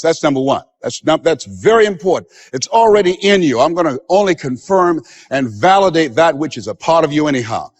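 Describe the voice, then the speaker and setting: A man delivers a motivational seminar speech in a fairly high, lively voice that swings widely in pitch. He preaches emphatically and acts out the voices of others. His voice rings through a large hall with a long reverb tail. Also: lo-fi sound. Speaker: motivational speaker.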